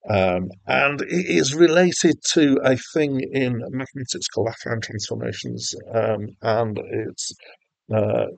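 A man's voice: mid-range voice, measured pace, creaky, no room sound, rough recording. A man teaching game development over a screen recording, chatty and self-deprecating, with frequent filler words. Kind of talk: screen-recorded software tutorial.

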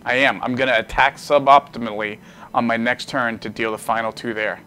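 A male host talks through his card game live at a middle pitch, joking and thinking out loud. He stays animated and playful, with faint music underneath. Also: fairly quick. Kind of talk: casual livestream gameplay commentary.

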